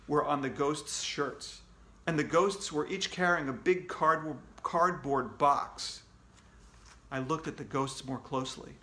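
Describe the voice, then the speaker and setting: Author reading to kids, slow and expressive, bright-voiced man. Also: fairly high pitch. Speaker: children's author. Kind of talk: reading aloud to children.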